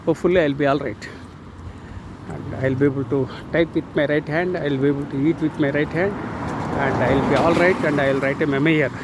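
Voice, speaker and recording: A man in his sixties with an Indian English accent gives a casual motivational talk outdoors, halting often on drawn-out fillers. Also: fairly high pitch, steady tone. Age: 60s. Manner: earnest, uplifting. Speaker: channel host. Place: outdoors near a road. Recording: outdoor traffic noise behind.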